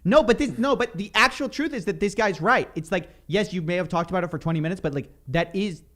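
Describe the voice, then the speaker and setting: A man's voice: high-pitched, fast. A man co-hosting a casual podcast, joking and mimicking the people he discusses. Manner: animated, mimics people he mocks. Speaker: podcast co-host.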